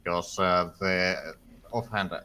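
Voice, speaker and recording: A man's voice: sits low, fairly even intonation, slow pace, pushed and bright. A man playing in a tabletop game, hesitant and sheepish. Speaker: player. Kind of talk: casual tabletop game chat.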